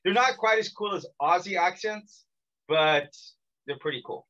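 A man's voice: high voice, moderate pace, dull audio. An American man hosting a podcast, chatting casually and teasing his guest with jokes. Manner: joking, teasing, energetic. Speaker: podcast host. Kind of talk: casual interview chat.

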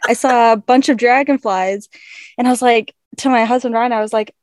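A woman's voice: on the high side, steady tone, a little fast. A young woman co-hosting a casual podcast chat, reacting briefly and laughing easily.

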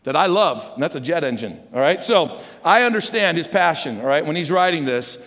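A man preaching a conversational sermon as pastor, animated and chatty, asking the congregation questions. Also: on the high side, a little fast. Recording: long hall reverb.

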